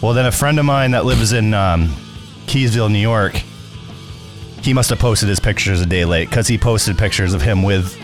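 A man's voice: on the low side, moderate pace, soft background music. A man co-hosting a casual podcast, joking, reacting to stories and swearing. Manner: joking, profane, eager reactions. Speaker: podcast co-host. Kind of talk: casual chat.

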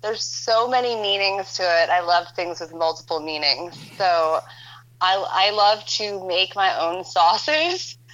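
A woman's voice: on the low side, animated, measured pace, fairly bright tone, highs cut off. A woman, a model and actress, chatting as a podcast guest and laughing easily. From Filipino-Norwegian heritage. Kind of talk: casual chat.

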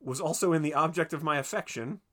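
A man's voice: fairly high pitch, quick pace, sharp tone. A man hosting a movie podcast, chatting loosely and casually with a joking, profane manner. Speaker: podcast host.

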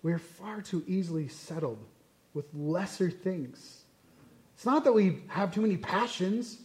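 A man teaches scripture in a relaxed, conversational style. He is animated and often drifts into asides. His voice sits fairly high. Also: a little slow. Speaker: Bible teacher. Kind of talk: casual Bible study teaching.

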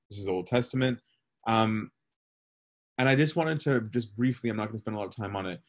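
A man teaching a Bible study in a conversational way, often checking in with "right?" and pausing with fillers. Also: fairly low pitch. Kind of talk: casual Bible lesson.

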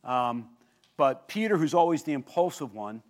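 A man preaching a sermon, telling the story vividly, swinging between lively emphasis and hushed, intense moments and asking the listeners questions. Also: medium pitch, normal speed. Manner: animated storytelling with sudden drops to quiet intensity. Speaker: pastor.

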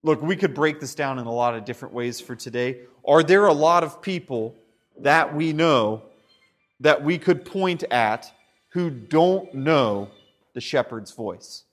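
A man preaching a sermon with animated delivery, stumbling over repeated words and often asking "right?". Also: fairly high pitch, a little slow, soft background music. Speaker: pastor.

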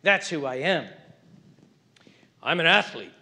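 Preacher swinging loud to whisper. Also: male voice, on the high side, expressive, slow pace. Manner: swings from loud emphatic calls to hushed whispers. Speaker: pastor. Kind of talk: sermon.

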